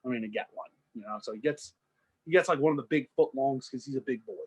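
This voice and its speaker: A young man co-hosting a podcast, telling a made-up story in a loose, rambling way and slipping into quick character voices. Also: mid-range voice, breathy edge. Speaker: podcast co-host. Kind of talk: casual storytelling chat.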